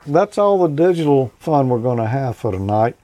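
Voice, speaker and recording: Relaxed, folksy radio show host man. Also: mid-range voice, normal speed, no room sound. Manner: relaxed, folksy, plenty of "you know" and "uh". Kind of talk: casual technical explanation.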